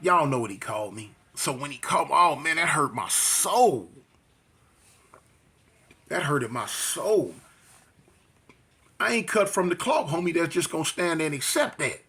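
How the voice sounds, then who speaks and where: A man telling a street fight story in slangy, animated talk, acting out voices and punch sounds. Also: on the high side, unhurried, pauses often, breathy edge.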